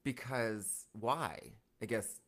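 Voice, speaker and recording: Podcast co-host, male, animated and joking, bright tone. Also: mid-range voice. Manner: animated, laughing, quick asides and impressions. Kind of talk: casual chat.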